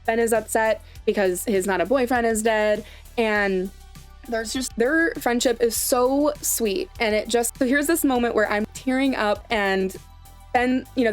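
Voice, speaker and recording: A woman hosting a casual, chatty recap of a series, digressing and asking rhetorical questions. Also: fairly high pitch. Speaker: show host recapping a series.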